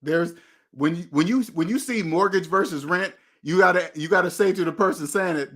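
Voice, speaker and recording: A man's voice: fairly high pitch, moderate pace, a bit bright. A man hosting a motivational money talk, preachy and emphatic, driving points home with repeated questions. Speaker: host.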